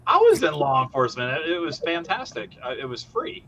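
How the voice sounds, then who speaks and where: A man's voice: on the high side, wildly swooping pitch, a little fast, fairly bright tone, slight background noise. A man hosting a casual group chat on a stream, joking around and swearing freely. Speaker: show host. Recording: dull lo-fi audio.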